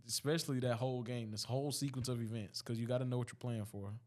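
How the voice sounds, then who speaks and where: A young man in his late teens, a high school student, casually telling a story in a laid-back way with frequent fillers and restarts. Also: steady tone, fast, darkish tone.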